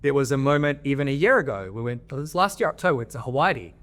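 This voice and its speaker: Fast, animated and a touch bright, the mid-range voice comes from an Australian man. He's a men's coach on a podcast telling candid stories, blunt and sweary in his coaching tone.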